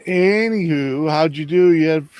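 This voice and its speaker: Laid-back man talking slowly, dry sound. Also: on the high side, a little mellow, clear, resonant tone, dry recording. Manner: laid-back, filler-heavy, laughing. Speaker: host's partner joining the stream. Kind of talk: casual chat.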